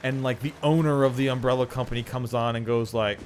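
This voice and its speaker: A man's voice: mid-range voice, fairly even intonation, brisk, few pauses, darkish tone, slight background noise. A man streaming a game live, chatting casually and ranting with lots of swearing and laughter. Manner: rambling, profane ranting with frequent laughs.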